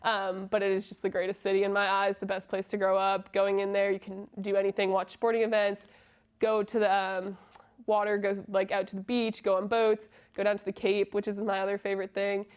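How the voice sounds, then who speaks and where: A woman's voice: medium pitch, monotone, brisk, smooth. A young woman in her twenties from Massachusetts, a college soccer player answering interview questions in a friendly, casual way with many fillers. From Massachusetts, USA. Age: 20s.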